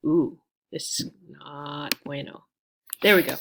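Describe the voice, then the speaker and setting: Chatty low-voiced woman teaching grammar. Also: steady tone, slow pace, vocal fry, a bit bright, slight background noise. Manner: chatty and informal, with many fillers and asides. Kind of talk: casual online grammar lesson. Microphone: home webcam setup.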